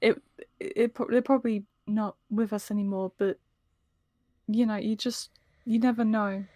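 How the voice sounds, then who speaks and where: A woman's voice: medium pitch, fairly even intonation, moderate pace, dark tone, no room sound. A woman playing a tabletop game who talks earnestly and exclaims easily. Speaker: player. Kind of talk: casual tabletop game chat.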